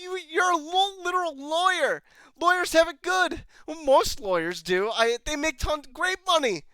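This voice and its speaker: A man's voice: very high-pitched, expressive, normal speed, sharp tone, no echo. A man giving an angry, profane reaction rant as a show reviewer, laughing in disbelief between outbursts.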